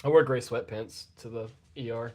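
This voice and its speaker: Casting: middle-aged guy, average pitch, foul-mouthed rambling storyteller, chesty post-pneumonia cough. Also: steady tone, moderate pace, mellow. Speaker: podcast co-host. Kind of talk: casual live podcast banter.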